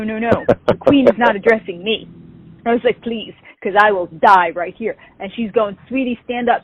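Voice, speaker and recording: A woman, telling an animated story as an interview guest and acting out the quoted dialogue. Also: mid-range voice, breathy edge, no room sound. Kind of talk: casual storytelling. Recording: tinny phone-like call audio.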